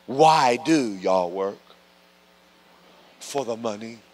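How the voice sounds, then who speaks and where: A man preaching a sermon in a church, telling stories in a lively way that moves between loud calls and quiet asides. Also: mid-range voice, slow. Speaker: pastor. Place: church sanctuary.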